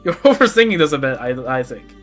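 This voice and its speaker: A man's voice: medium pitch, sing-song, a little fast, fairly bright tone, soft background music. A man streaming a video game, chatting casually and joking about himself, often stammering and restarting his sentences. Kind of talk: casual gaming commentary.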